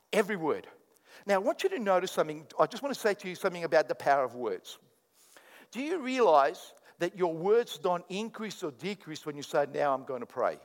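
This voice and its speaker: Animated high-voiced male pastor preaching. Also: in a large hall. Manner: animated preaching, mock prayers, sudden loud bursts. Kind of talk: sermon.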